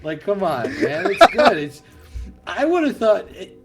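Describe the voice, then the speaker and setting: A man co-hosting a podcast in casual chat, excitable and profane, laughing often and tripping over his words. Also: high-pitched, measured pace, gravelly, faint music behind. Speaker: podcast co-host.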